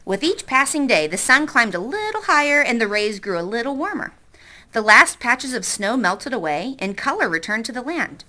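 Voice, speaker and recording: Expressive woman teacher reading aloud. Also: fairly high pitch, moderate pace. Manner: expressive, stops to quiz the class. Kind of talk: reading a novel aloud to a class.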